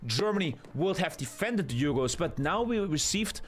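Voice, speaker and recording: Pushy excitable male journalist put on by the host, slightly high, lively delivery, mock-formal. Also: normal speed. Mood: pressing. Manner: overly formal, pressing questions. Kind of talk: improvised role-play interview.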